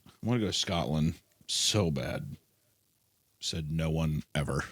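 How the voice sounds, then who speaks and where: A man's voice: very deep voice, a little slow, fairly bright tone, breathy edge, dry recording, clean studio sound. A man co-hosting a podcast, making sardonic jokes in casual chat. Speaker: podcast co-host.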